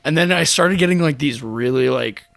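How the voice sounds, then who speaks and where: A man guesting on a casual podcast, telling a halting story full of "like". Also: a little high, gravelly, a bit bright, no echo. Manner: halting, filler-heavy storytelling.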